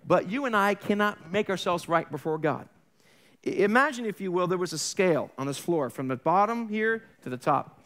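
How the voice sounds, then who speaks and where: High-voiced preaching man, storytelling. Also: lively intonation, moderate pace. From New York area. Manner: storytelling, acts out quoted voices, swings loud and soft. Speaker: pastor. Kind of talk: sermon.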